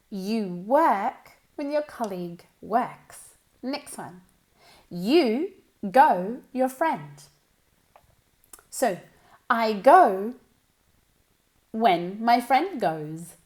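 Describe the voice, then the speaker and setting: A woman teaching English, running slow pronunciation drills and exaggerating sounds so learners can hear them, with short explanations in Spanish. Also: on the high side, a little mellow. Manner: exaggerates pronunciation and laughs at herself. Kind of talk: online language lesson with drills.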